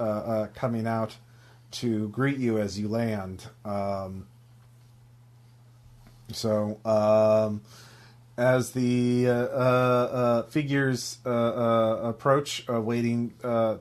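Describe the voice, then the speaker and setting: A man narrating a tabletop role-playing game as game master, hesitant and filling pauses with ums and uhs. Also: mid-range voice. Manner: halting, many ums and uhs.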